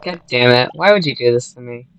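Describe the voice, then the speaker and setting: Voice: medium pitch, expressive, fairly quick, fairly bright tone, faint music behind, low-quality recording. A co-host of a gaming video chatting casually, swearing now and then. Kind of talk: casual chat while playing a game.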